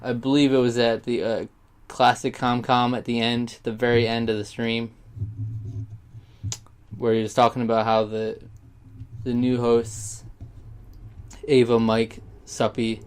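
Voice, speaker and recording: A young man with a clear, resonant, mid-range voice speaks straight to camera in a loose vlog monologue, keeping his pitch fairly flat and his pace unhurried with frequent pauses. This YouTuber rambles, gets sidetracked and restarts his thoughts, all with open, heartfelt sincerity.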